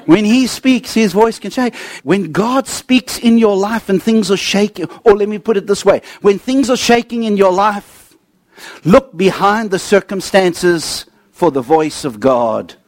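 A preacher with a fairly high voice tells stories animatedly, mixing jokes with earnest teaching. His tone leaps up with excitement and drops low for emphasis. The recording is dry and close, with no room echo. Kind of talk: sermon.

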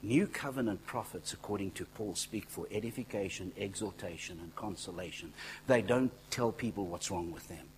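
A man preaching a sermon, telling stories in a conversational way, dropping to near-whispers and then rising to loud exclaiming, with asides to the congregation. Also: sits low, normal speed, slight background noise, poor audio. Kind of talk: sermon with storytelling.

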